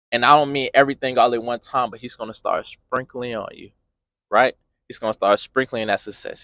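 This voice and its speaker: A man's voice: mid-range voice, fairly bright tone, dry recording. A man hosting a podcast, giving an earnest faith-based motivational talk with preacher-like repetition.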